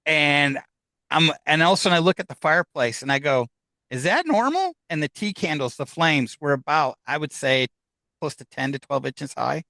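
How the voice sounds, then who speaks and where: A man, a podcast guest, telling a story in a casual, animated way and acting out the dialogue with laughs between lines. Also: on the high side, moderate pace, creaky, no room sound, low-quality recording.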